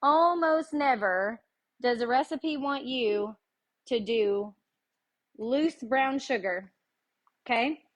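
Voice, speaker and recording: A woman's voice: high voice, fairly bright tone, slight background noise. A woman with a Tennessee Southern accent, hosting a live cooking lesson and chatting folksily with her viewers as she goes. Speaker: cooking show host.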